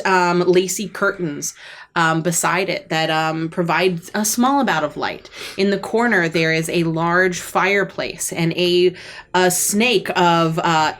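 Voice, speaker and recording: A woman narrating a tabletop game as game master, in a casual style full of fillers. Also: fairly low pitch.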